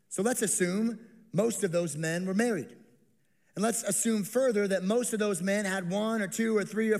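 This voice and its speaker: A young man preaching from a church stage, his voice pitched high for a man. He tells the story with humor and acts out its people, and the long reverb of the hall trails behind every phrase. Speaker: pastor. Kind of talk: sermon.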